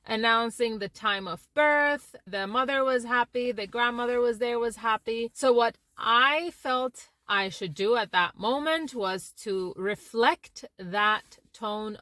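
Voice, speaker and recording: A woman's voice: fairly high pitch, no room sound. A woman who works as an interpreter gives an educational talk to camera, changing her tone to show her points. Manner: expressive, shifts tone to illustrate points. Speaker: interpreter and language teacher.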